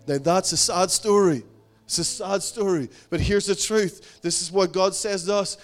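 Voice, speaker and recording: A man's voice: high voice, moderate pace, faint music behind. A male pastor preaching a sermon in an earnest, conversational way, telling a story and repeating his points. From outside America.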